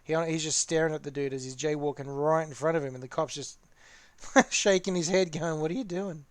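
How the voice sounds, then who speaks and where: Chatty man with a fairly high voice. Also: steady tone, a little fast, smooth, no echo. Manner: rambling, chatty, talks to the chat. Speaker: streamer hosting a hobby chat. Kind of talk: casual live-stream chat while painting models.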